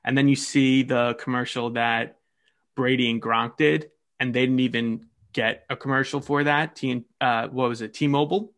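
A man co-hosting a casual podcast, talking in a rambling, halting way with many restarts. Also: mid-range voice, fairly even intonation, a bit bright. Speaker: podcast co-host.

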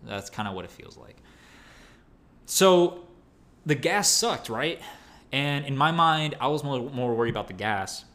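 A young man telling a story in casual, animated speech, full of slang, fillers and restarts. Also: mid-range voice, measured pace, pauses often. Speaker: storyteller recounting training.

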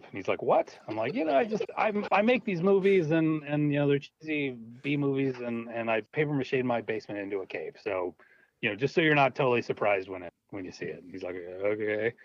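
A man of medium pitch, interviewed as a guest, relates a story in a casual way, laughing and acting out its voices with animation. He makes low-budget films. The recording is dull, dry, and lo-fi, without echo.

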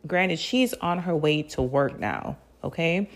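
Lively young woman telling a story. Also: low voice, slow. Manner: animated, laughs often, swears freely, slangy asides. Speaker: podcast host. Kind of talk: casual storytelling.

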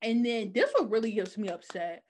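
Chatting casually, a woman with a medium-pitched voice and moderate pace recaps a TV episode with animation, acting out the characters' lines in different voices.

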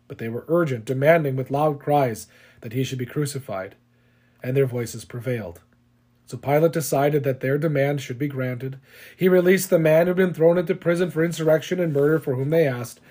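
A man reads scripture aloud in a steady, solemn liturgical manner. His voice sits slightly high for a man. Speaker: scripture reader.

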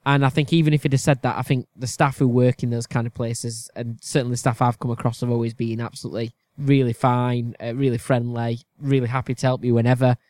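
A man's voice: mid-range voice, level tone, fast talker, few pauses, darkish tone, no room sound. A man answering quiz questions in casual chat, thinking aloud hesitantly. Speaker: quiz contestant and co-host.

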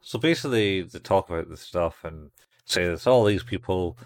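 A man's voice: low-pitched, lively intonation, normal speed. A man co-hosting a podcast, casually recapping an anime episode in a rambling way and acting out the characters' lines. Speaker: podcast co-host.

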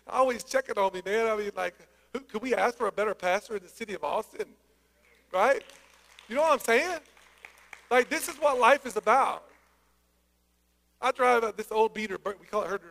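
A man preaching a sermon, energetic and conversational, with joking asides. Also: high voice, creaky. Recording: long hall reverb.

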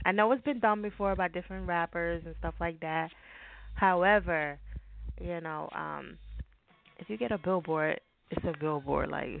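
A woman with a low, gravelly voice hosts a call-in radio show, chatting in a loose, slangy, rambling way. The sound is thin and tinny, like a phone line. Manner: laid-back, slangy, rambling. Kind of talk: casual radio talk.

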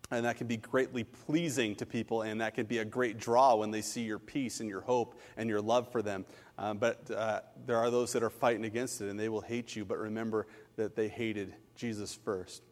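Animated man preaching in a reverberant hall. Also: on the low side. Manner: animated, jokey storytelling with laughs and asides. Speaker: pastor. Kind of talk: sermon with personal stories.

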